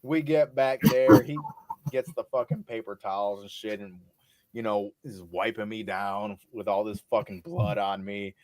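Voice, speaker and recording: A man's voice: fairly low pitch, steady tone, moderate pace. Profane laid-back man telling party stories. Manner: profane, laughing, acts out quotes loudly. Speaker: podcast co-host. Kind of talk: casual podcast storytelling. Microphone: podcast mic.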